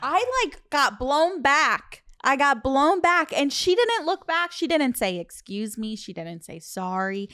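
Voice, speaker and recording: A young woman with a high, bright-pitched voice co-hosts a casual comedy podcast, telling a story with indignant energy, quick swearing and frequent laughs. The sound is dry and close, with no room around it. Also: sing-song, dry recording. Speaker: podcast co-host.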